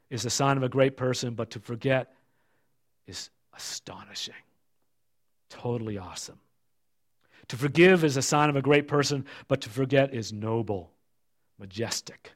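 A middle-aged male pastor giving a sermon and reading scripture aloud, emphatic, then falling soft and low for asides. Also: moderate pace.

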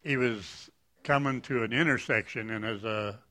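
A man's voice: mid-range voice, moderate pace, pushed and bright. A man, not a preacher, giving an informal church talk in a rambling, folksy, self-deprecating way. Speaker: lay speaker at church.

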